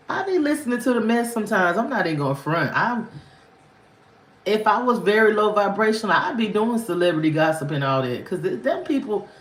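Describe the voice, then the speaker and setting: Candid rambling woman in an echoey room. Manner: candid, rambling, with frequent pitch swings. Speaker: livestream host. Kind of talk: casual livestream storytelling. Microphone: phone or webcam on a livestream.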